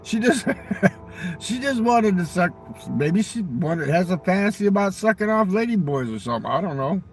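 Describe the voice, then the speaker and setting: Profane rambling man, higher voice. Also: very animated, a little fast, faint music behind. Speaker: vlogger. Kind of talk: crude casual monologue.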